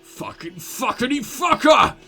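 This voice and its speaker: A gruff, burly union boss from a video game, quick to rage and spitting curses, as a man puts him on. The voice lurches from high to low and sits above a plain male register, with faint music underneath. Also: big pitch swings, a bit bright, exaggerated voice. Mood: furious. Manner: curses in angry outbursts.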